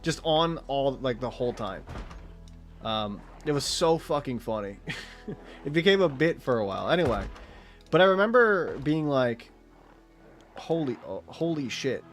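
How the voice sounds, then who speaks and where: A man's voice: mid-range voice, big pitch swings, moderate pace, soft background music. A young man streaming a game, chatting in a rambling, crude, giggly way. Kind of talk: casual chat while streaming a game.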